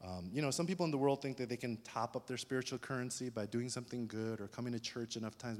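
A pastor preaching to his congregation in a relaxed, conversational way. He keeps pausing to ask whether everyone follows. His voice carries a long reverb from a large hall. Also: medium pitch. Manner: conversational, asks the congregation questions. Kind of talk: sermon.

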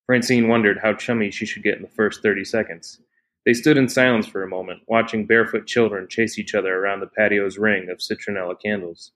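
A man narrates a novel aloud for an audiobook, his pitch fairly low and his scripted storytelling voice steady and measured.

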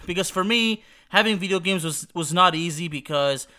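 A man's voice: sits high, normal speed, bright, forceful tone, clear, resonant tone. A young man hosting a podcast, rambling casually through nostalgic memories with many restarts and fillers. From Texas. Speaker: podcast host.

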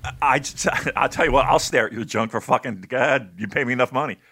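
An American man co-hosting a casual wrestling podcast, joking and teasing loudly. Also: fast talker, breathy edge. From United States. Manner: loud, joking and teasing, pitch leaping up and down. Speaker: podcast co-host.

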